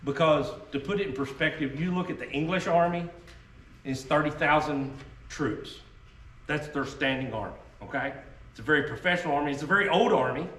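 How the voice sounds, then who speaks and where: The speaker is a man with a Southern US accent, his pitch fairly high and his tone a bit bright. In a casual, folksy talk to reenactors about muskets, he repeatedly asks "okay?" to check in. A distant mic gives the audio an echo and faint noise.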